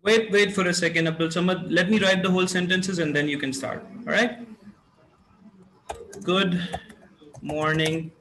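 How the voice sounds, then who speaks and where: A man, teaching an online class and dictating sentences slowly and deliberately. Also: high voice, steady tone, a bit bright, slight background noise, low-quality recording. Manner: slow, deliberate dictation with code-switching to Urdu. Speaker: English teacher.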